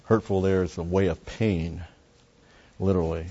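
A man's voice: deep voice, steady tone, normal speed, warm tone, dull audio. A man preaching a Bible teaching sermon, explaining a passage step by step and repeating key phrases. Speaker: pastor.

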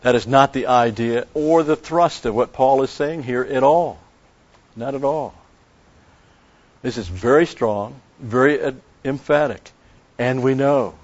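A man teaching the Bible in an expository sermon, emphatic, repeating key phrases and slowing down on Greek words. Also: medium pitch, darkish tone. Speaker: preacher. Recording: dull lo-fi recording.

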